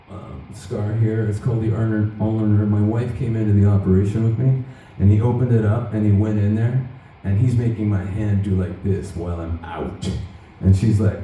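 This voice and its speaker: A man's voice: fairly low pitch, distant mic, a little hiss or hum. Middle-aged man telling stories in an echoey hall. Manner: loose, profane, animated anecdotes. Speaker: guitarist giving a workshop. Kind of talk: casual storytelling to an audience. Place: large event hall at a guitar show.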